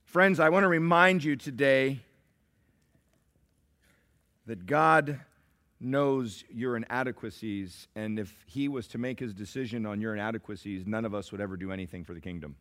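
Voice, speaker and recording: A man preaching a sermon as pastor, swinging between shouted climaxes and hushed, slow asides. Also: medium pitch. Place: church sanctuary.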